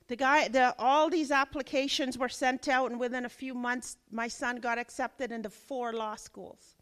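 A woman in her forties preaching a sermon, telling a personal story with dramatic swings from loud exclaiming to hushed lines. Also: a little high.

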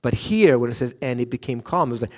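A Canadian pastor, a fast talker, delivers a sermon full of stories. He's animated, raises his pitch to act out quotes, and frequently says "right?".

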